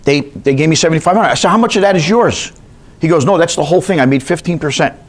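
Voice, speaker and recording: A New Yorker teaching a continuing education class gives a storytelling lecture, spinning chatty anecdotes and quizzing his audience. His voice is a little high and fast.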